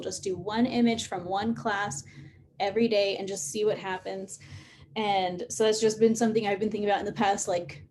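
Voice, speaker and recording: A woman's voice: mid-range voice, darkish tone, a little hiss or hum. A woman in her thirties hosting a casual live-stream Q&A, talking in a rambling way with many fillers and restarts. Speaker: host of a live Q&A session.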